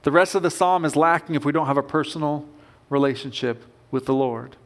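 A man's voice: on the high side, brisk. A man preaching a sermon as pastor, earnest and emphatic, with rising bursts of conviction.

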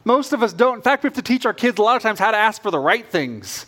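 A man's voice: high-pitched, sing-song, quick pace, sharp tone. A middle-aged male pastor preaching a sermon in an earnest, conversational way.

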